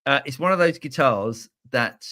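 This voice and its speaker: A man's voice: medium pitch, expressive, moderate pace, pushed and bright. A man co-hosting a live show, talking in a rambling way with many restarts. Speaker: co-host. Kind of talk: casual live show chat.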